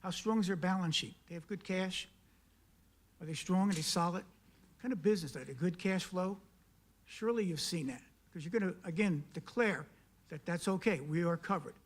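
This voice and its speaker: At a county council meeting in a council chamber, a South Carolina man delivers an emphatic public comment packed with pointed questions and repeated key words. His voice is high and his speed normal.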